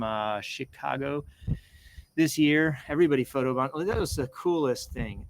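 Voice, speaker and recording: A man's voice: medium pitch, low-quality recording. Rambling, enthusiastic man reading posts aloud. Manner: meandering, self-interrupting, enthusiastic asides. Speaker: host reading social media posts. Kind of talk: casual rambling commentary.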